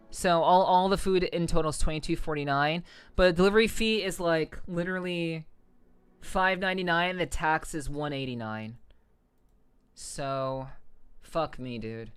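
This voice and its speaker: A woman's voice: on the low side, a bit bright, clean tone. Stammering, swearing young woman streamer. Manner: swears a lot, stammering restarts. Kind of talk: casual live-stream chat.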